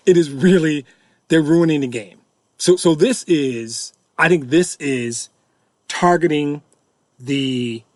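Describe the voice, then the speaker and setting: A man's voice: medium pitch, no echo. A middle-aged man hosting a fan-reaction podcast, ranting in an exasperated, repetitive way and hammering the same points over and over. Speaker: podcast host.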